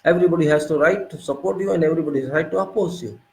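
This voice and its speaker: A man's voice: on the high side, very fast, darkish tone, roomy sound, rough recording. Indignant Indian man lecturing. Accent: Indian English. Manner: indignant, lecturing, repeating rhetorical questions. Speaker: political commentator. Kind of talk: spoken political monologue.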